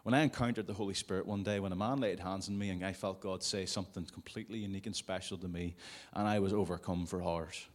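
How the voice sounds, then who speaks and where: A man's voice: deep voice, steady tone, fast talker, hardly any pauses. A man preaching a sermon to a congregation in a conversational way, with jokey asides. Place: church service before a congregation.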